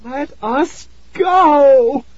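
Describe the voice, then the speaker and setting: A man voicing a frightened young girl who pleads in a high, trembling voice, in a slightly muffled recording. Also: drawn-out words, no echo, full character voice. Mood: terrified pleading.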